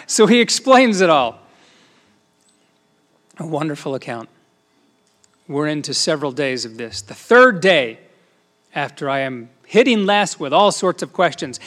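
Middle-aged man, former reporter, preaching through a story; slightly high voice, goes from hushed to booming. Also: big pitch swings, a little slow, long pauses. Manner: storytelling, acts out dialogue, shifts between soft asides and loud emphasis. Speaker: speaker at a church gathering, former TV news reporter. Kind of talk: sermon-style personal story.

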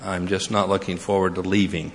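A man's voice: low voice, flat delivery, a little fast, a little hiss or hum. An older man from California giving a folksy, good-humored devotional address as guest speaker in a large auditorium. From Sacramento, California. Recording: long reverb of a large hall.

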